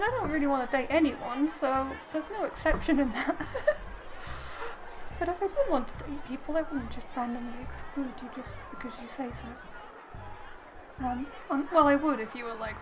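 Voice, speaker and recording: A woman's voice: high-pitched, poor audio. A woman streamer reading a visual novel aloud, with playful, giggly asides between the lines. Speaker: let's play streamer.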